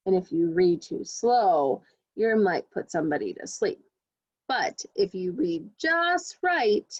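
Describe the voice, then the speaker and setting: A woman teaching a kindergarten reading lesson to children in an expressive, sing-song way. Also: medium pitch, dry recording, lo-fi sound.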